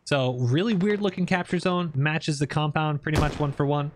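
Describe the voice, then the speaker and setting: A man giving lively, joking play-by-play commentary over tactical shooter gameplay as the channel host. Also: on the high side, moderate pace, a little hiss or hum.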